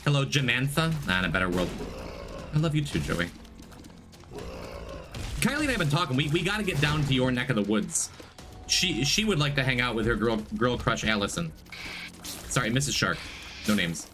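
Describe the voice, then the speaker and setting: A man chatting casually on a game stream from home, his pitch swinging widely as he talks. He jumps into excited, high greetings for viewers. Faint music runs underneath. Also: moderate pace, long pauses. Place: home room.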